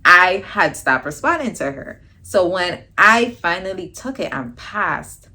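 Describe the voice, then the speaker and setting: Brief: young woman vlogger, low unhurried voice, animated storyteller. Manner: animated storytelling, acts out quoted dialogue. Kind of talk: casual storytime.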